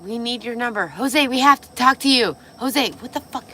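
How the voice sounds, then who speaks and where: A woman hosting a casual livestream, a little tipsy and hoarse, gushing and swearing as she reads viewer comments. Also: on the high side, moderate pace, pushed and bright. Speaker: livestream host.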